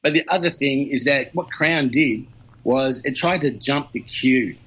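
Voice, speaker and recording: A man's voice: medium pitch, unhurried, a bit bright, husky. Male commentator on a dull line. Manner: talkative, explains at length with fillers. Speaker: regular news commentator. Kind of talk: conversational news commentary.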